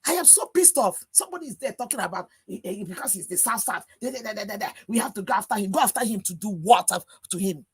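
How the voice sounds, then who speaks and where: A woman's voice: medium pitch, fast, few pauses, husky. A woman with a Nigerian accent, speaking as a panelist on a live stream over a video call, ranting in anger with one rhetorical question after another. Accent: Nigerian English. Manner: angry, exasperated rant with repeated rhetorical questions.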